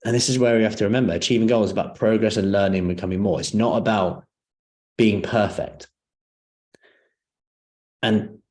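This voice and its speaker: A man's voice: on the low side, a little mellow. A man leading a live seminar as a personal trainer, talking conversationally and often asking the audience questions.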